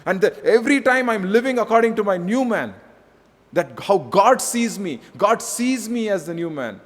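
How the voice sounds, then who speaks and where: A man from India preaching a sermon as pastor, earnest and repetitive, swinging between soft and emphatic delivery. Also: sits high, lively intonation, moderate pace, big-room sound.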